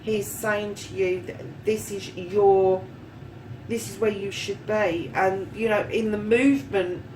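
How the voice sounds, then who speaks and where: A woman's voice: medium pitch, steady tone, slow, a little mellow, far from the mic, a little hiss or hum, poor audio. Chatty, swearing woman reading tarot. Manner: chatty, encouraging, swears casually. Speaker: tarot reader.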